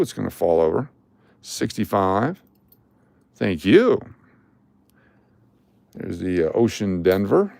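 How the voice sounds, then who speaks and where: A man's voice: low-pitched, gravelly, darkish tone, no echo. An older man streaming live, chatting casually and joking while he sorts coins and calls out their dates. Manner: chatty and jokey, calling out coin dates and mint marks. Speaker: coin collecting live streamer.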